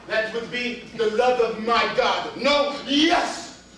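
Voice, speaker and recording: A man's voice: extremely high pitch, takes it slowly, crowd noise. A man playing a grandiose Romeo who calls himself the greatest lover, in a pompous, theatrical way. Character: grandiose Romeo, self-proclaimed greatest lover, male adult. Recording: echoey hall from far off with audience.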